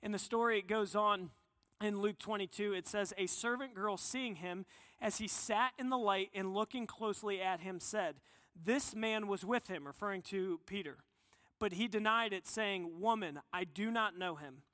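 A man with a high, bright voice preaches in an earnest, conversational way, often stopping to restart his sentences. His voice carries a long reverb that trails off in the hall around him. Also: normal speed. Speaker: pastor. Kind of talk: sermon.

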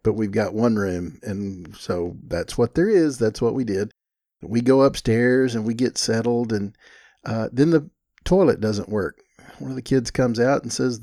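Older man, podcast host, relaxed rambling storyteller, dry close sound. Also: lowish voice, no echo. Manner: folksy, chuckling, rambling anecdotes. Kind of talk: casual storytelling monologue.

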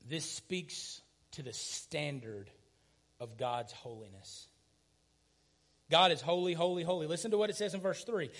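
A man, preaching a sermon, swinging from loud emphatic passages to hushed near-whispers. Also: a little high, measured pace. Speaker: pastor.

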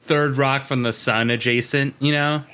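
A man's voice: medium pitch, fairly even intonation, moderate pace, pushed and bright, smooth. A man co-hosting a podcast, recapping a TV episode in casual, joking chat from his notes. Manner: joking, chatty, reads from notes. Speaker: podcast co-host.

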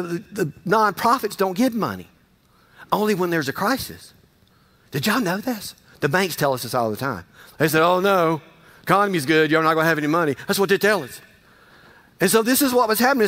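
A pastor preaching in a high, light-toned voice. He is folksy and conversational, circling back on his own phrases to drive each point home. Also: fairly bright tone. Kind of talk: sermon.

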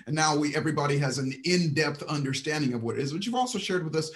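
A man hosting a podcast, enthusiastic and appreciative as he quickly sums up what his guest has said. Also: a little high, lively intonation, a bit bright. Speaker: podcast host. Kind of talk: interview wrap-up.

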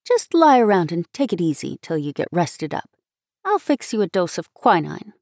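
A woman voicing a kindly, motherly aunt who speaks softly. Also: lowish voice, big pitch swings, moderate pace, dry recording, studio quality. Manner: soft, kindly.

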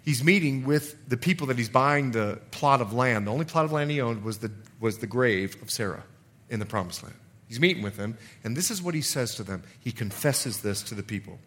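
A middle-aged man, a pastor, preaching a sermon in an animated way, acting out quotes and laughing often. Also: mid-range voice, a little fast.

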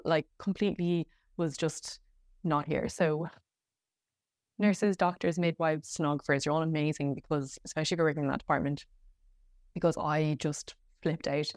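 Low-voiced Irish woman telling her story. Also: steady tone, moderate pace, a little mellow, no echo, clean studio sound. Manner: candid, rambling, frequent fillers and restarts. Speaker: podcast host. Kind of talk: personal storytelling monologue.

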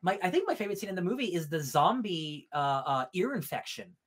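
A man's voice: high voice, big pitch swings, a little fast, fairly bright tone, husky. A man co-hosting a podcast, rambling loosely about a film and leaning heavily on "like" as a filler. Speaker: podcast co-host. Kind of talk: casual movie review chat.

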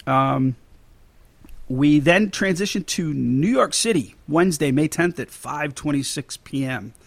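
A man talks through a film scene on a podcast in a loose, chatty way, full of "you know"s and quick laughs. His voice sits a bit high for a man. The sound is close and dry, with no room around it. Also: animated, vocal fry, no room sound. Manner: chatty, laughs often, many fillers and restarts. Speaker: podcast host. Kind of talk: casual movie commentary podcast.

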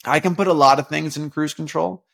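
Gravelly earnest man in devotional talk. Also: on the high side, fairly quick. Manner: rambling and earnest, many fillers and restarts, bursts of animated emphasis. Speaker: podcast host. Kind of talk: casual devotional podcast talk.

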